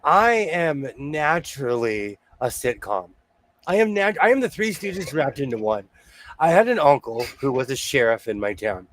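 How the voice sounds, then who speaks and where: A man hosting a casual chat from his home sewing room, a rambling, jokey storyteller. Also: a little high. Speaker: host.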